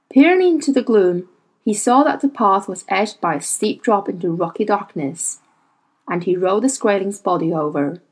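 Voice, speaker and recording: A woman reading a novel aloud as audiobook narrator, measured and expressive. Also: medium pitch, husky, low-quality recording. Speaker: audiobook reader. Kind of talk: scripted narration.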